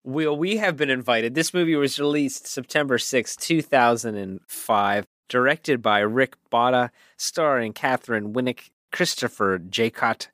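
A man's voice: mid-range voice, measured pace, few pauses, a bit bright, no room sound, studio quality. A man co-hosting a casual movie review podcast, making wry, sarcastic asides. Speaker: podcast co-host.

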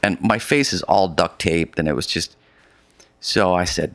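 A middle-aged man telling a long story in a casual conversation, animated and rambling with many restarts. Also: low voice, brisk, dry recording. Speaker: guest, polar expedition adventurer.

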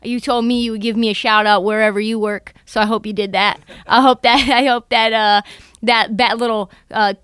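A young woman hosts a casual sports podcast, chatting in an animated storytelling way and slipping into other people's voices. Her voice sits a little high and sounds bright and crisp. The recording is close and dry. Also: normal speed, no echo. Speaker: podcast host. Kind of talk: casual basketball podcast chat.

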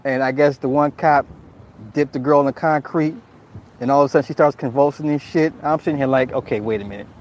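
Man streamer, casual reaction chat, slightly high voice, swears a lot, laughs often, keeps restarting his sentences. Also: little pitch movement, brisk, darkish tone. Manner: frequent restarts and repeated words. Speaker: streamer reacting to viewer comments. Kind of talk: casual livestream commentary.

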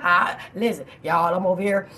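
A woman hosting a casual chat, telling stories loudly and profanely and laughing often. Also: lowish voice, normal speed, a little hiss or hum. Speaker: host.

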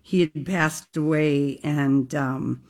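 A woman's voice: low voice, steady tone, slow, darkish tone. Lady radio cohost, chatty and rambling, lots of ums. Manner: rambling, with many ums and uhs. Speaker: radio co-host. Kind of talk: casual radio chat.

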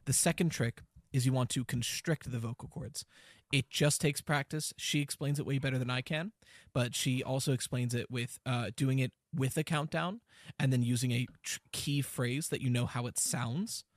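A man's voice: medium pitch, moderate pace, no echo, clean studio sound. Man casually explaining on a podcast. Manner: explains in a loose, rambling way with many fillers. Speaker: podcast host.

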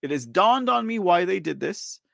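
Ranting with exasperation on his live online show, a news host reads viewer chat, laughs repeatedly and says things over again. His high voice is gravelly and fairly bright with lively intonation at a moderate pace. The audio is studio quality with no echo.

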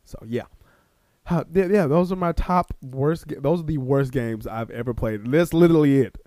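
A man's voice: mid-range voice, normal speed, dark tone, dry recording, clean studio sound. A man co-hosting a casual gaming podcast, exasperated and swearing freely. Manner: exasperated, profane, frequent swearing. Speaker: podcast co-host. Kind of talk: casual podcast banter about games.

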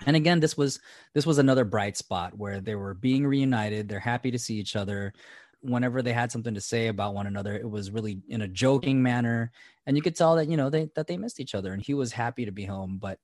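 A man's voice: mid-range voice, fast talker, a little mellow, no echo, studio quality. Laid-back man co-hosting a podcast. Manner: laid-back, laughs often, swears casually. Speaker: podcast co-host. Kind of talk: casual chat.

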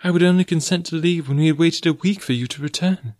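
A man voicing an earnest, gentle young woman in a storybook reading, speaking softly and breathlessly. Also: low voice, quick pace, dry recording, studio quality, voice pushed up, natural voice. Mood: tender, wondering.

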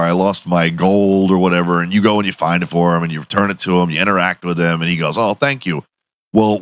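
Laid-back, low-voiced man swearing through a story. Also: no room sound. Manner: profane, laughing, animated storytelling. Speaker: podcast host. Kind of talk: casual monologue.

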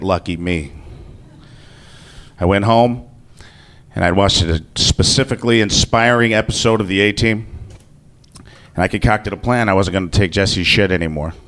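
A man's voice: on the low side, a bit bright. A man telling a personal story to an audience in a casual, joking way, swearing freely. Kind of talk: live comic personal storytelling.

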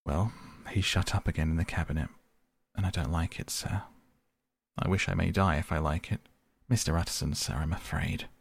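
A man's voice: deep voice, steady tone, moderate pace, gravelly, breathy edge, dry recording, full character voice. A man voicing an anxious, fearful servant in an audiobook, speaking in a worried, deferential way. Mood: afraid.

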